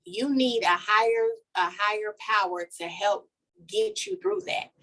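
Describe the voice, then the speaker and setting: A woman, a life coach guesting on a podcast, telling a personal story in a lively, heartfelt way and talking straight to listeners. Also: mid-range voice, measured pace. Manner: animated storytelling, talks to listeners as "y'all". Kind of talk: casual podcast conversation, personal testimony.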